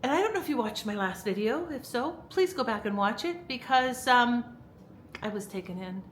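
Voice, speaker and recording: A woman's voice: fairly high pitch, animated, normal speed, slight background noise, rough recording. A woman vlogging at home in a casual, rambling storytelling style, with lots of fillers and restarts. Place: at home, indoors.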